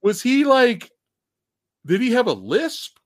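Man, show host, casual movie chat, animated, lively pitch, dry close sound. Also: slow, dry recording. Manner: animated, laughing, emphatic. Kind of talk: casual livestream movie talk.

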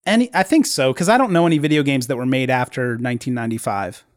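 A man hosts a podcast in easygoing chat. His voice sits at a middle pitch, and he laughs a lot between halting sentences. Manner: relaxed, laughs often, halting restarts. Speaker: podcast host. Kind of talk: casual chat.

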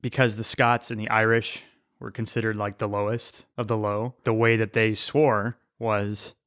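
A man's voice: lowish voice, level tone, normal speed, a bit bright. A man appearing as a podcast guest, chatting casually and musing at length while he explains ideas. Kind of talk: casual interview chat.

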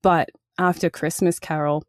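A woman's voice: deep voice, moderate pace, dry recording. Chatty British woman, dry close sound. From Britain. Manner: chatty and animated, laughs often. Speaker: voice actor and audiobook narrator. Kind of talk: casual interview chat.

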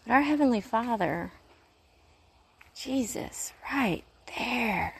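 A woman who works in urgent care paces as she talks through a casual faith-based monologue, earnest and rambling with a preachy streak. Her voice is mid-range at a measured pace, with a little hiss or hum in the audio.

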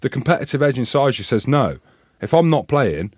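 A former rugby player in his thirties co-hosts a podcast, telling stories in a casual, animated way, swearing and acting out voices. His voice is medium-pitched and brisk. The recording is studio quality with no room sound.

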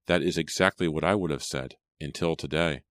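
A man's voice: rumbling low, fairly even intonation, brisk, a bit bright, no room sound. A man voicing an earnest, anxious young man who speaks formally.

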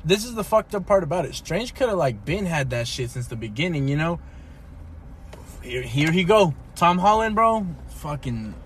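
A young man rants eagerly as a podcast co-host, his voice pitched a little high. He swears freely and keeps saying "bro". A faint background hiss sits under his voice. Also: moderate pace. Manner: excitable and profane, says "bro" a lot. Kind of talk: casual chat.

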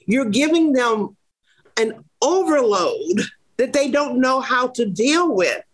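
A woman's voice: high-pitched, animated, takes it slowly, husky. Emphatic woman giving frank parenting advice. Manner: emphatic, plain-spoken, acts out lines for emphasis. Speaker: parenting advisor. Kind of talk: casual advice talk.

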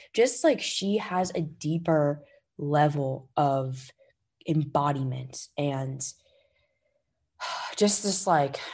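Woman podcast host, husky lower voice, emphatic coaching monologue into a close mic, swears freely. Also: a little mellow. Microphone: podcast microphone.

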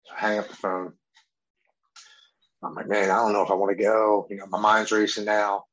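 A man's voice: lowish voice, flat delivery, normal speed, a bit bright, poor audio. Earnest man telling his own story. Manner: candid, earnest storytelling with stammered restarts. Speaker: speaker sharing his recovery story. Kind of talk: personal testimony.

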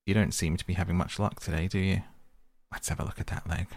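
An eager, bossy storybook water rat, voiced by a man reading aloud, impatient and insistent. The voice stays low and gravelly, close to the reader's own. It is recorded dry and close, with no room sound. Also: steady tone, fast talker, a little mellow, no echo. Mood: kindly.

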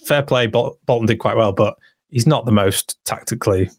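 Man, podcast co-host, chatty, mid pitch, dry close recording. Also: moderate pace, no room sound. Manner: chatty, reads out listener comments. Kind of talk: casual football podcast chat.

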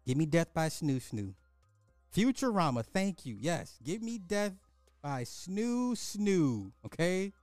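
A man's voice: on the high side, very animated, takes it slowly, darkish tone, dry recording, faint music behind. A man giving reaction commentary, rambling and trailing off mid-sentence.

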